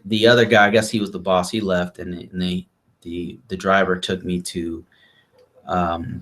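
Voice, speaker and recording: A young man with a fairly low voice chats casually about a trip. He jumps into other people's voices as he tells it, animated and a little rambling. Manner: animated, acts out quotes of others. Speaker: vlog host. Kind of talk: casual storytelling chat.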